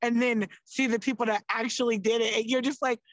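A woman's voice: fairly high pitch, fairly even intonation, fairly quick, no room sound, lo-fi sound. A young woman, a podcast guest, chatting casually and animatedly, with lots of "like" and free swearing. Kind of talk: casual chat.

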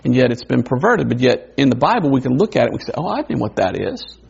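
Gravelly-voiced male preacher, lo-fi. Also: mid-range voice, very animated, a little mellow. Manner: conversational, wondering aloud, quick asides. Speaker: pastor. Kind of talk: sermon. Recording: dull lo-fi recording.

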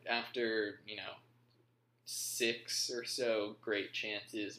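A man hosts a casual football recap podcast, rambling and saying um often. His voice is lowish with a fairly bright tone, and the recording has a roomy echo.

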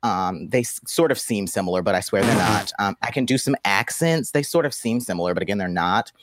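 A man's voice: lowish voice, lively intonation, brisk, no room sound. A man co-hosting a podcast in casual, jokey, self-deprecating chat over an internet call. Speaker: podcast co-host. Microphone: remote call over internet. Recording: dry remote call audio.

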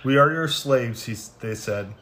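A man reading scripture passages aloud in plain, unhurried reading with small stumbles, then closing in prayer. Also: mid-range voice, fairly bright tone, slight background noise. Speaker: scripture reader.

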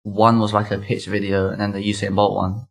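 Young London man, slangy and low-voiced. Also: flat delivery, gravelly. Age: 20s. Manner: fast slangy chatter full of likes and mates. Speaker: guest. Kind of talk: casual storytelling.

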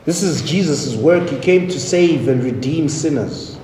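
A man's voice: fairly high pitch, expressive, unhurried, darkish tone, slight background noise. A man preaching a sermon as pastor, with emphatic, repetitive declarations. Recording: echoey hall, faint ambience.

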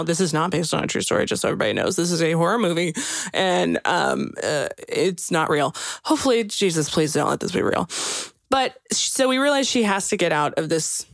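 A woman recapping a movie in casual chat, talking in an animated way with lots of "like" and restarts. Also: lowish voice, gravelly, no echo, studio quality. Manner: chatty, animated, many likes and restarts. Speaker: podcast co-host recapping a film.

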